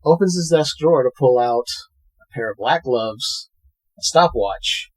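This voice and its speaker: A man co-hosting a podcast, casually recapping a film scene by scene and acting out characters' lines in quick put-on voices. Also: mid-range voice. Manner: retells scenes with animated quoted voices. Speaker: podcast co-host. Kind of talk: casual movie recap chat.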